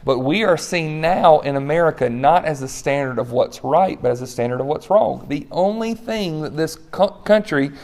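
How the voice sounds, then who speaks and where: Man, middle-aged, pastor, conversational sermon, slightly high pitch. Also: lively intonation, moderate pace, few pauses, darkish tone. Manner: conversational preaching with asides and light laughs.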